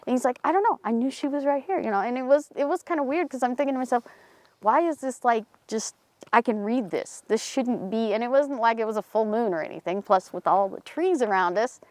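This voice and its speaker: A woman from a paranormal team animatedly tells a local story in a cemetery, keeping it casual and acting out the characters' words in a higher voice. She speaks a little fast, with no room sound.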